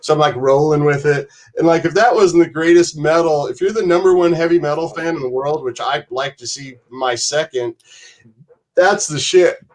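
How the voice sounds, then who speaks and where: A man's voice: on the high side, normal speed. A man who is a podcast guest, telling rambling, profane stories in casual chat and slipping into voices.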